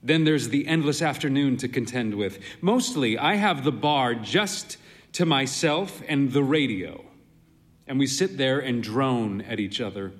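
A man's voice: mid-range voice, measured pace. A man narrating a story as a weary, wry pub keeper. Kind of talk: storytelling reading. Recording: long hall reverb.

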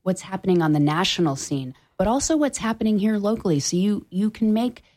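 A woman's voice: mid-range voice, lively intonation, a little fast, darkish tone. A woman co-hosting public radio and making an upbeat, persuasive on-air fundraising appeal, often repeating phrases for emphasis.

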